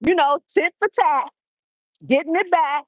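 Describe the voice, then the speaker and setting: A woman's voice: sits high, a little slow, no echo, low-quality recording. A woman hosting a live motivational talk while out on a walk, acting out little everyday dialogues as she speaks. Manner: animated, acts out little dialogues. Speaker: livestream host. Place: outdoors on a walk.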